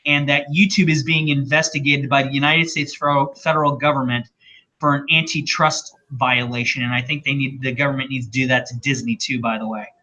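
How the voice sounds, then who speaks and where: A man's voice: mid-range voice, fairly even intonation, brisk, bright, forceful tone. A man co-hosting a casual livestream, ranting in a rambling, opinionated way. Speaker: co-host.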